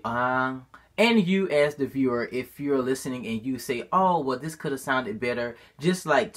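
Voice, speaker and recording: Bright-voiced man rambling about his singing. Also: medium pitch. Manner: rambling, self-critical, restarts often. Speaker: amateur singer and vlogger. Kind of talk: casual vlog talk about his own singing.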